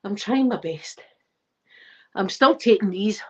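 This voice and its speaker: An older Scottish woman chats and tells stories in a cheeky, chatty way, catching her breath between phrases. Her voice sits at an ordinary pitch for a woman. The recording sounds a little dull and lo-fi. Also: animated, slow pace. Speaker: channel host. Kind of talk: casual chat.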